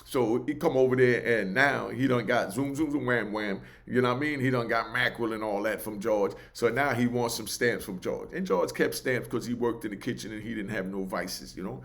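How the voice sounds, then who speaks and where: Animated storyteller. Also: male voice, mid-range voice, fairly quick, few pauses. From New York. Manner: animated, loose, keeps asking "you know what I mean". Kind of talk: casual oral storytelling.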